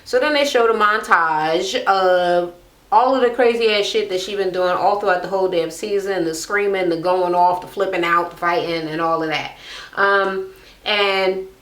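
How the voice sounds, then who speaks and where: A woman's voice: medium pitch, normal speed, fairly bright tone, echoey room. A woman recapping a reality show in casual, blunt, profane chat, mimicking the people she talks about.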